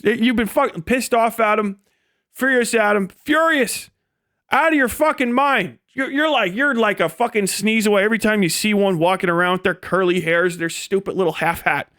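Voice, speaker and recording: A man with a fairly high voice rants on a live stream, profane and mocking, often slipping into sarcastic mimicry. His voice is recorded close and dry, with almost no room sound. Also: moderate pace, a bit bright, dry recording. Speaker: streamer host.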